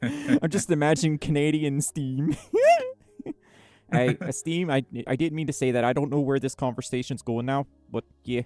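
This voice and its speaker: A woman's voice: a bass voice, normal speed, mellow, no echo, soft background music. A woman chatting casually on a livestream, bubbly and giggly, reading chat messages aloud with lots of fillers. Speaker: streamer.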